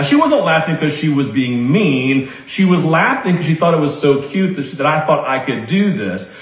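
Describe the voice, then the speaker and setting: A man preaching a sermon as pastor, repeating his key lines slowly for emphasis and often tagging "right?" onto his sentences. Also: on the high side. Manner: frequent tag question "right?". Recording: roomy echo.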